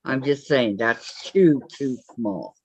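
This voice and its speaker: A woman's voice: very deep voice, animated, slow, husky, dry recording. A woman chatting with quilting friends on a video call, making dry, joking remarks. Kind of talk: casual chat. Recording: muffled video call audio.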